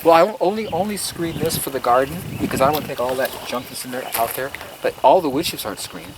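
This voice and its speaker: Animated and quick, at a medium pitch, a man shows people through his garden outside and spins casual stories along the way. His delivery is earnest and emphatic, dotted with preacher-style asides, over the outdoor noise of a field recording.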